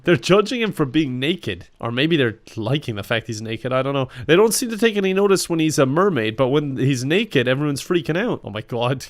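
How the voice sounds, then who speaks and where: A young man narrates his game in a loose, joking way, breaking into laughter again and again. His voice sits a little higher than most men's. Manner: giggly, crude joking, frequent laughter. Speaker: gaming YouTuber. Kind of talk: let's-play commentary.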